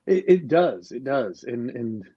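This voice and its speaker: A man's voice: medium pitch, sing-song, dark tone, slightly rough, no room sound, highs cut off. A male podcast guest talking casually and reflectively, often restarting his sentences. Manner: reflective, halting, many restarts. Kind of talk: casual conversation.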